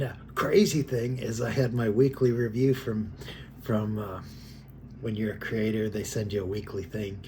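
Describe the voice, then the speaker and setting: A commentary vlogger with a lowish, slightly mellow voice rambles casually as he reacts to other creators' videos, chuckling and using plenty of fillers. There is slight background noise.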